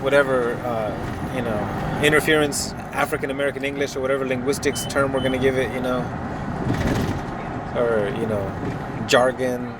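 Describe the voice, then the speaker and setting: A man's voice: medium pitch, fairly even intonation, normal speed, heavy background noise. A man hosting a casual podcast chat, rambling with lots of fillers and laughing often. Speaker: podcast host.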